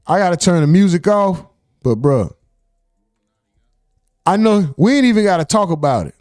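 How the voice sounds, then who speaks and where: A man with a fairly high voice riffs through casual reaction commentary, animated and mocking. The sound is close and dry, with no room around it. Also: normal speed, dry recording, faint music behind. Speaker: host.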